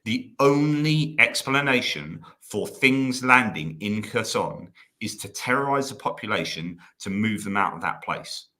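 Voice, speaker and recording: A man with a bright, forceful voice and a somewhat low pitch, talking as a guest on a live stream. He speaks haltingly, with frequent restarts and fillers, and he is emotional at moments. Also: animated. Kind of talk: casual live-stream conversation.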